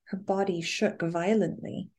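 A woman narrates an audiobook in the first person with a soft-spoken, measured delivery. Her voice sits low and mellow, with no edge to it. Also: fairly even intonation, husky.

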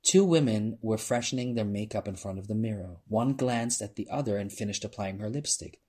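A man reading a novel aloud in an unhurried, quiet way. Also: fairly low pitch, slightly rough. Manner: unhurried, quiet, restarts phrases. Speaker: narrator.

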